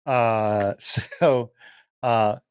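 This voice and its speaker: A man co-hosting a podcast, chatting casually about old films and pausing often with fillers. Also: medium pitch, fairly even intonation, clear, resonant tone, dry recording. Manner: rambling, halting with many fillers. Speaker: podcast co-host. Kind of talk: casual film chat.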